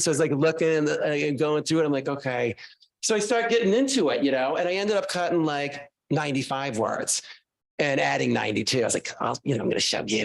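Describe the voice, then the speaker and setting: Animated man telling stories. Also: medium pitch. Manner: animated, anecdotal, self-mocking. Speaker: guest author. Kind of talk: casual storytelling to a class.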